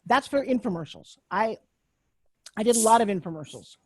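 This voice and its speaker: A woman's voice: fairly high pitch, expressive, normal speed, no room sound. A middle-aged woman with a Long Island New York accent, telling her life story on a video call in a brash, candid, self-mocking way and swearing freely. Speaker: speaker giving a talk on a video call. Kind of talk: personal storytelling talk. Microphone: computer mic on a video call.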